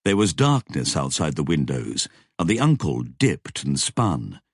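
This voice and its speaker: A man with a husky voice reading a novel aloud as scripted narration, measured and even. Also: extremely low pitch, dry recording, clean studio sound. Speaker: audiobook narrator.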